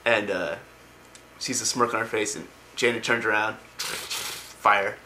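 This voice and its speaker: A man's voice: on the low side, fairly even intonation, measured pace, sharp tone, slight background noise. A man casually retelling video game lore, rambling with lots of ums and likes. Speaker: lore explainer.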